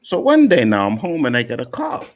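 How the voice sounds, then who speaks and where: A man's voice: medium pitch, a little fast. A man from Nova Scotia, Canada, telling stories on a casual panel show and acting out other people's lines as he goes. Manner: animated storyteller, acts out other people's lines.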